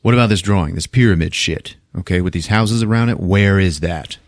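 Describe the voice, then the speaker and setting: A man's voice: sits low, brisk, no room sound, studio quality. A man hosting a podcast, casually recapping a film in loose, profane storytelling and voicing the characters as he goes. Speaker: podcast host.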